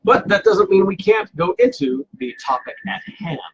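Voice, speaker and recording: A man's voice: high voice, expressive, normal speed, lo-fi sound, noisy background. A man hosting a casual live cocktail stream from home, playful and self-mocking, rambling with fillers. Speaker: cocktail show host.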